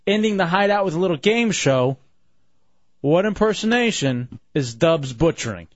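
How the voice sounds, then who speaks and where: A man's voice: fairly high pitch, animated, normal speed, no echo. A male radio host with a slightly raised voice, upbeat and joking as he rattles off call-in numbers. The studio sound is dry and a little muffled, like a broadcast recording. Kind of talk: casual radio chat.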